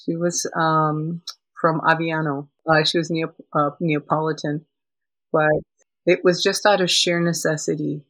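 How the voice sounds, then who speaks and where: Older woman guest, animated storyteller, mid pitch, dry sound. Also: unhurried, no echo, poor audio. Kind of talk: casual chat.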